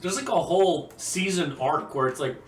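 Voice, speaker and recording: A young man co-hosting a casual podcast chat, animated and joking. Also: sits high, normal speed. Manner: animated, laughing, does mock Scottish voices. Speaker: podcast co-host. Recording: echoey room, mic at a distance, faint noise.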